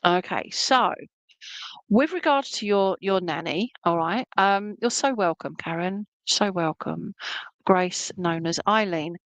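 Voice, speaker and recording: Lady medium doing an online reading, lowish voice, dry close sound, chatty and fond, lots of ums. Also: slow, no echo. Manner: chatty and affectionate, many fillers. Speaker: spiritualist medium. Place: at home.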